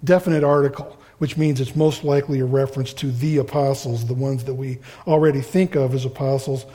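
A man's voice: medium pitch, fairly even intonation, brisk, mellow. A man, a pastor giving a conversational, rambling sermon to his congregation in a church hall. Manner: casual, rambling, self-deprecating. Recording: long reverb of a large hall.

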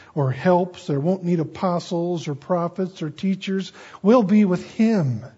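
A male pastor giving an earnest, storytelling sermon, slowing down on key phrases. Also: on the high side, dark tone, husky. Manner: earnest, storytelling, slows for emphasis. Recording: dull lo-fi recording.

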